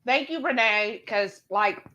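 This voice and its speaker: A woman's voice: mid-range voice, expressive, measured pace, sharp tone. A woman, co-hosting a casual cooking livestream and chatting while reading viewer comments aloud. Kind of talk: casual live-stream chat.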